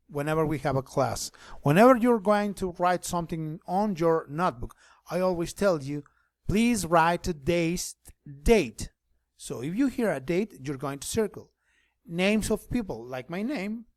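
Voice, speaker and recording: Lively teacher, dry sound. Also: male voice, high voice, no echo. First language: Spanish. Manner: animated, explains slowly, switches between English and Spanish. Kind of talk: online class instruction.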